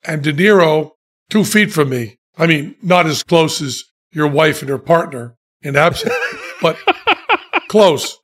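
A man spins a long, self-mocking anecdote in relaxed conversation. His voice sits high for a man and he takes his time, with dry, deadpan timing and his own laughter breaking in. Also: unhurried. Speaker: podcast guest telling stories. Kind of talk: casual storytelling chat.

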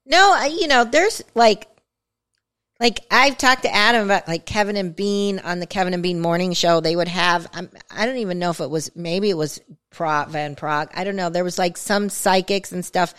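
A woman's voice: fairly low pitch, moderate pace, fairly bright tone, smooth. A woman co-hosting a podcast in casual chat, talking in a chatty way with many fillers and asides. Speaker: podcast co-host.

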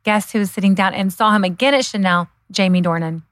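A middle-aged woman co-hosting a podcast in casual chat, gushing and excitable, often trailing off mid-sentence. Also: medium pitch, fast, no echo, studio quality. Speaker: podcast co-host.

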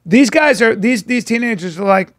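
A man's voice: high-pitched, expressive, normal speed, a bit bright. A man co-hosting a podcast, telling a wild story with lots of swearing and acting out the voices of the people in it. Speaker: podcast co-host. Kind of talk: animated storytelling.

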